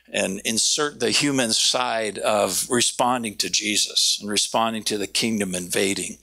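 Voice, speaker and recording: A man preaching a sermon, animated, slowing down to stress key words and raising his voice when he quotes. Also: gravelly. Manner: animated, quoting with raised pitch, slowing for emphasis. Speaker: pastor.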